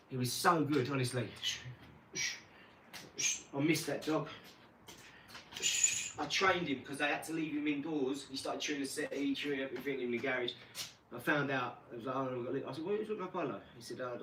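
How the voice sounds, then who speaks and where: A man, rambling casually about his dogs and acting out scenes with lively energy. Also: mid-range voice, distant mic. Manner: chatty, animated when acting out scenes. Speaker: vlogger. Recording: echoey room, voice off-mic, noisy.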